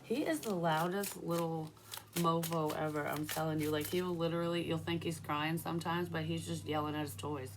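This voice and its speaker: A young woman with a low voice talks her way through a casual tarot reading. She rambles from story to story and swears freely. A faint hiss of background noise sits under her voice. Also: fairly even intonation, brisk. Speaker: psychic tarot reader.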